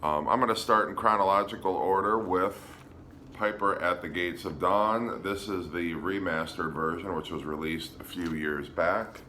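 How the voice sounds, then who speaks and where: A man casually showing his record collection on a vlog, relaxed and hesitant, with frequent ums. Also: sits low, moderate pace, slight background noise. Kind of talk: casual show-and-tell vlog.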